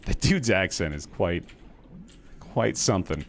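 A man's voice: rumbling low, normal speed, pauses often, a little hiss or hum. A man streaming a video game live, chatting casually and rambling between remarks on the game. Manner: chatty, rambling, jumps to loud yelps when startled.

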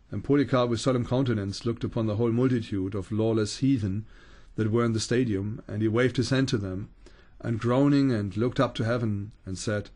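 A man who teaches the Bible reads an ancient account aloud, unhurried, with small stumbles and restarts. His voice is on the low side with a darkish tone.

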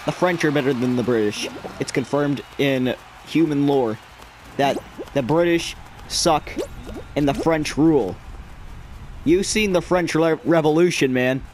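Slow-talking young man joking over gameplay. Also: on the high side, noisy background. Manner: goofy, rambling, joking. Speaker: gaming video creator. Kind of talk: casual gameplay commentary.

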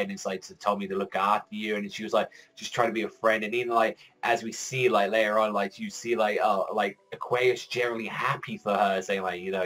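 Rambling, excitable young man reviewing anime. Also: lowish voice, a little fast, few pauses. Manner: excitable, rambling, heavy filler "like", swears freely. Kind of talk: casual reaction review.

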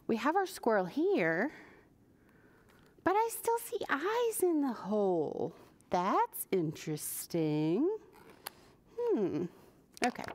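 Slow, lively woman reading to preschoolers. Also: mid-range voice. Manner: animated, asks the children questions. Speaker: children's librarian. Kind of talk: preschool story time reading.

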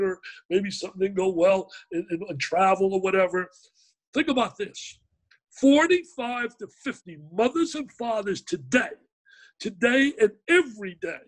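Older man, high-pitched voice, emphatic, repeats words, storytelling interview guest. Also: poor audio.

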